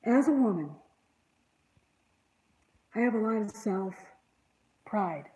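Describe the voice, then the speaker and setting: A woman's voice: mid-range voice, lively intonation, takes it slowly, warm tone, rough recording. Exasperated woman hosting a chat. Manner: exasperated, rambling commentary. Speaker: online channel host. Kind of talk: casual panel chat.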